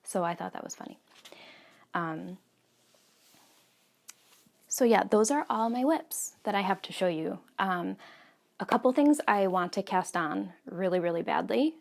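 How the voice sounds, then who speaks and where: A woman's voice: medium pitch, expressive, measured pace, vocal fry, long pauses. A woman in her thirties hosting a casual knitting podcast from home, chatty and full of ums. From United States. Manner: chatty, many ums, soft asides. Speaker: podcast host. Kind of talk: casual chat.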